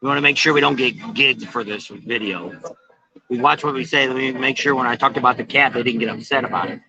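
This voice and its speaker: A man's voice: mid-range voice, fairly quick, gravelly. A middle-aged man hosting a casual livestream from an outdoor patio, rambling in a folksy way with many fillers. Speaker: vlog host. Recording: dull lo-fi phone stream.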